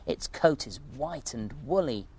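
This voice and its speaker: A woman presenting a children's TV show, narrating in a gentle sing-song and praising the children by name. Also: a bass voice, expressive, unhurried, slight background noise.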